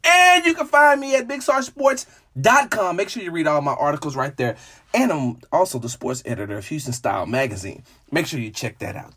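A man hosting a solo sports show, talking in a dramatic, emotional way that jumps between hushed asides and shouting. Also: high voice. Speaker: sports podcast host. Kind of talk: animated solo sports commentary.

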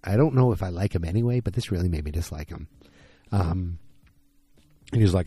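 A man's voice: low voice, brisk, warm tone, slightly rough, dry recording. A man casually recapping a TV episode in a rambling, conversational way, acting out the characters' lines.

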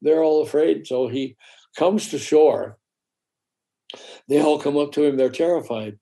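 A man's voice: fairly high pitch, a little slow, vocal fry, long pauses. A man telling a story in casual chat, acting out the voices of his characters and swearing now and then. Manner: animated, acts out the voices of characters in his stories.

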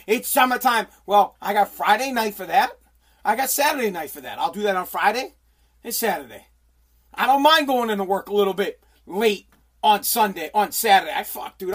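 A man's voice: very high voice, a bit bright. A man, a radio personality, venting in a profane, exasperated ranting monologue, circling back and repeating himself.

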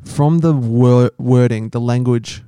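A man's voice: mid-range voice, slow, dark tone, clear, resonant tone, dry recording, studio quality. A man co-hosting a podcast, teasing and playful in casual chat. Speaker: podcast co-host.

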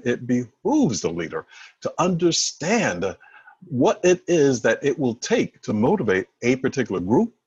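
Animated, husky-voiced male expert. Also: medium pitch, no echo, muffled recording. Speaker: body language and negotiation expert guest. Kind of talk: conversational interview.

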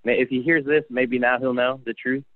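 A man's voice: mid-range voice, brisk, no room sound. A young adult man, a wrestler, telling stories in a casual interview and acting out the lines he quotes. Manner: relaxed storyteller, acts out quoted lines. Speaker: guest, professional wrestler. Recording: tinny phone line.

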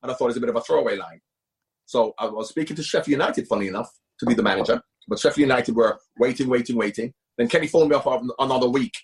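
Here a former football manager, middle-aged, holds forth in a casual interview as the guest. His voice sits in the mid-range and moves quickly, and he hammers his points by repeating himself.

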